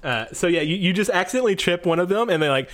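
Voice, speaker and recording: A man's voice: sits high, lively intonation, fast talker, a bit bright. A man running a tabletop role-playing game as game master, rambling through descriptions with lots of fillers and restarts and frequent laughter.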